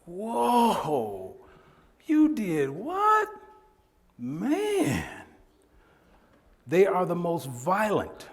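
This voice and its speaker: A man leading a workshop, lecturing in a conversational, animated way with frequent laughs, recorded in an echoey hall. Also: fairly high pitch. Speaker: workshop presenter. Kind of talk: lecture with storytelling.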